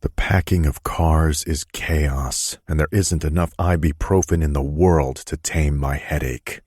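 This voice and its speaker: A man narrating a romance audiobook in the first person, in a soothing, even manner. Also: rumbling low, unhurried, slightly rough, no room sound, clean studio sound.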